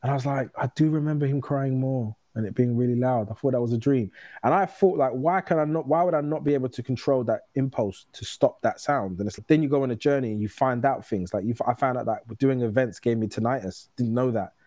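Candid man, mellow low voice. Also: dry recording. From United Kingdom. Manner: candid, storytelling, quick restarts. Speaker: guest. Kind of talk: casual conversation.

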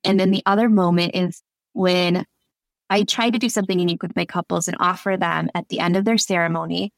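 Woman guest, lowish voice, dry close sound, chatty officiant telling stories. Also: fairly even intonation, brisk, creaky, no echo. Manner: warm storyteller, laughs often. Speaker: wedding officiant, podcast guest. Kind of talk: casual interview chat.

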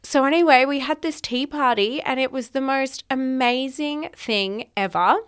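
A woman's voice: high voice, normal speed, clear, resonant tone. A young woman hosting a podcast, talking casually in a chatty monologue full of 'like' fillers and the odd swear word. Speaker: podcast host.

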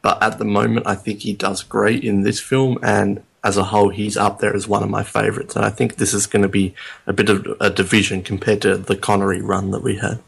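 A man's voice: on the low side, level tone, brisk, vocal fry, fairly bright tone, breathy edge. A man co-hosting a podcast, chatting casually and a little hesitantly, with lots of ums. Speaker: podcast co-host. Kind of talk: casual chat.

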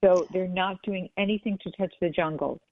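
A woman's voice: lowish voice, moderate pace, no room sound. A woman guest talking casually and earnestly in an interview, often restarting her sentences. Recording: tinny phone line.

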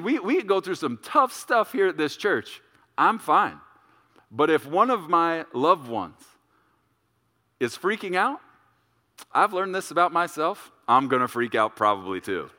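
A middle-aged man preaches a sermon in a church hall, his voice bright and pitched a little high for a man. He tells a story with very animated delivery, jumping into loud, shouted voices for its characters. A long reverb trails behind him. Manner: storytelling, acts out voices with big swings in pitch and volume. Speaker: pastor.

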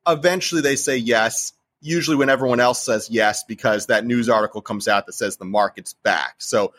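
Guesting on a casual interview, a real estate investor from the New Jersey mold talks about investing in an animated, emphatic way. He has a mid-range, slightly bright voice and a moderate pace.

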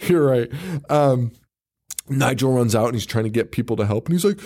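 A man's voice: mid-range voice, animated, a little fast, a little mellow. A man co-hosting a podcast, casually recapping a movie in a rambling way, swearing freely, laughing often and mimicking characters. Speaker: podcast co-host.

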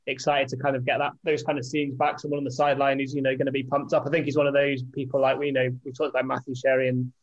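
A man co-hosting a sports podcast, rambling through his opinions and joking about his own monotone. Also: mid-range voice, very fast, few pauses, dull audio. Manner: flat-toned, rambling, self-deprecating. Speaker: podcast co-host, editor. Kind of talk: casual sports podcast chat.

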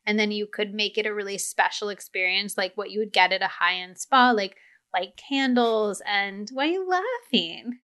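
A woman hosts a casual podcast chat, animated and quick to laugh. Her voice is bright and clear, at an ordinary pitch for a woman. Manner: chatty and enthusiastic, laughs often. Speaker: podcast host. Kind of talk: casual chat about gift ideas.

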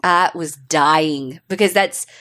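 A woman's voice: deep voice, slow pace, a bit bright. A middle-aged woman co-hosting a podcast in casual chat, swearing freely and laughing often. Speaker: podcast co-host.

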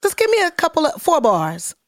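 A woman's voice: high-pitched, huge pitch swings, brisk, no room sound, studio quality. A woman hosting a casual interview podcast, who sounds upbeat and encouraging and laughs easily. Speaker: podcast host.

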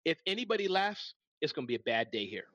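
Animated middle-aged man hosting a talk. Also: on the high side, fast talker, dry recording. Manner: energetic, folksy, addresses listeners directly. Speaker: host. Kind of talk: live business tips talk.

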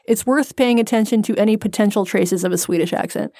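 A woman's voice: mid-range voice, fast talker, warm tone, dry recording. A woman co-hosting a podcast, explaining a story in a wry, casual way on a close mic. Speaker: podcast co-host. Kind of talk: casual chat.

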